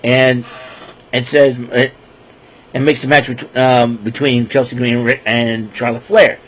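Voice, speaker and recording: A man's voice: medium pitch, flat delivery, measured pace, fairly bright tone. A man hosting a casual wrestling recap, rambling and stumbling over names and laughing at his own jokes. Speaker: podcast host.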